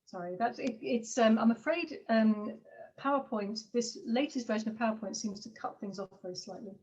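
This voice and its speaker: A woman's voice: fairly high pitch, moderate pace, darkish tone. A woman lecturer giving an academic seminar talk, hesitant with many fillers. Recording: distant muffled online talk recording.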